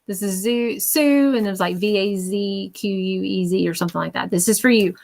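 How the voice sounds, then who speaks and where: A woman medium leads a live spirit reading, relaying messages in a chatty, reassuring way. She checks in often with her listener, and her voice sits at an ordinary middle pitch. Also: a little fast, gravelly, darkish tone. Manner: chatty, reassuring, many fillers. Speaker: psychic medium.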